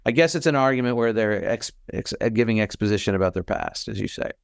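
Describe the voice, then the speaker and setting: Dude co-hosting a tv podcast, smooth voice, dead dry sound, acts out quotes. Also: male voice, fairly low pitch, quick pace, dry recording. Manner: animated, quotes lines in put-on voices. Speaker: podcast co-host. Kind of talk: casual chat.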